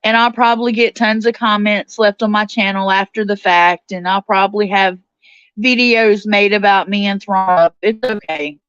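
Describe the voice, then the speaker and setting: A woman's voice: medium pitch, fairly even intonation, moderate pace, a bit bright, clear, resonant tone, no room sound. Woman, livestream host, casual chat with viewers, dry lo-fi sound. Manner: chatty, reads viewer comments aloud and answers them. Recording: dull, slightly lo-fi sound.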